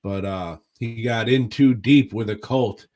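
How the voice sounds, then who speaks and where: A man's voice: fairly low pitch, unhurried, a little mellow. A man co-hosting a podcast, chatting casually and profanely about movies in a laid-back, rambling way. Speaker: podcast co-host. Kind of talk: casual movie review chat.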